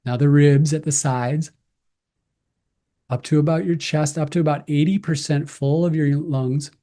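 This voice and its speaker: A man giving slow, calm, gentle breathing cues as a breathwork instructor. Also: on the high side.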